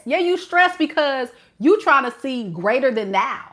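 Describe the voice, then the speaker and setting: A woman's voice: high voice, lively intonation, a little slow, a bit bright. A woman giving a casual tarot reading to camera, talking in a sassy, slangy way and laughing often. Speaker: tarot reader.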